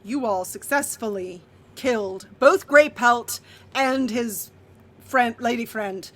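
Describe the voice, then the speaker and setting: A woman's voice: fairly high pitch, slow pace. A woman running a tabletop game as game master, narrating the action vividly in a casual way with fillers.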